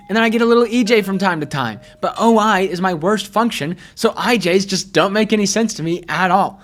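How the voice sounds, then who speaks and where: A man's voice: sits high, a bit bright. A male host giving casual video commentary, chatty and self-deprecating as he thinks aloud. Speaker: personality-typing commentary host.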